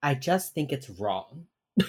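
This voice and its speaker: A woman's voice: very deep voice, sing-song, slow, breathy edge. A young woman co-hosting a podcast, chatting casually through a TV episode recap, swearing freely and acting out the characters' lines. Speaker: podcast co-host.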